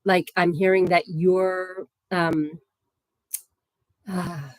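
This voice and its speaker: A woman giving psychic readings on a livestream in a gentle, chatty way, with many fillers and soft laughs. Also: fairly low pitch, steady tone, very slow, dry recording.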